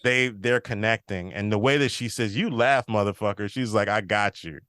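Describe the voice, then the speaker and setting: Guy with a low smooth voice doing a chatty episode recap, dry close sound. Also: moderate pace, bright, forceful tone, no echo. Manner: retells scenes, quoting characters in a slightly shifted voice. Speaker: podcast host.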